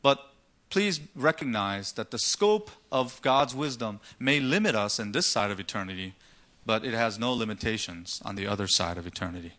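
A man's voice: on the low side, expressive, normal speed, sharp tone. A man preaching a sermon, asking rhetorical questions and retelling scripture stories dramatically. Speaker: pastor.

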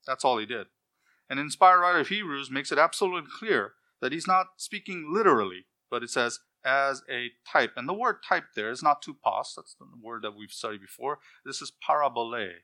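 Man, preacher, bright forceful voice, emphatic, slows to stress words, expository sermon. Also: medium pitch. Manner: reads scripture aloud and explains it.

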